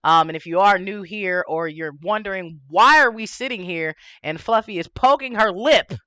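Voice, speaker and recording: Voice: mid-range voice, moderate pace, sharp tone, smooth, dry recording, clean studio sound. A livestream host with a lisp, chatting casually and rambling with swearing and frequent laughs.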